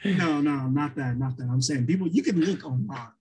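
Husky-voiced man, co-host, casual and rambling, heavy on fillers. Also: fairly high pitch, moderate pace, darkish tone, poor audio. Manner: rambling, many restarts and fillers. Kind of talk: casual chat.

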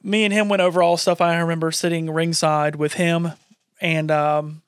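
Man, high voice, casual anecdote teller, dry booth sound. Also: normal speed, clear, resonant tone, no room sound. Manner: animated, acts out quotes in raised voice. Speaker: podcast co-host, wrestler. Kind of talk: casual storytelling chat.

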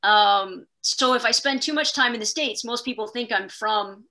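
A middle-aged woman, a podcast guest, telling stories in an animated, self-deprecating way, fast in bursts. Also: a little high. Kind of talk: casual conversation.

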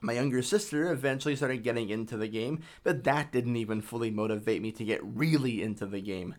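Casual, profane video essay narrator. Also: male voice, medium pitch, a little fast.

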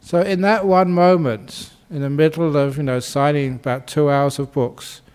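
Chuckling monk giving a gentle talk. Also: male voice, a little high, steady tone, normal speed, clear, resonant tone. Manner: gentle and humorous, chuckling often, repeats soothing phrases. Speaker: Buddhist monk. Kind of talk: dharma talk.

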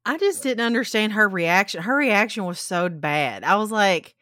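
A woman's voice: mid-range voice, lively intonation, normal speed, a bit bright, dry recording, clean studio sound. A woman co-hosting a casual chat, talking in an incredulous, chatty way. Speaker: podcast co-host.

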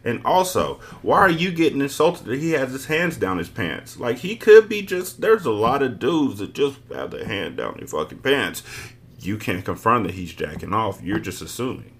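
A man's voice: mid-range voice, sing-song, moderate pace. A man hosting a book podcast, reading a novel aloud with blunt, profane asides. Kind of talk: casual book reading with commentary.

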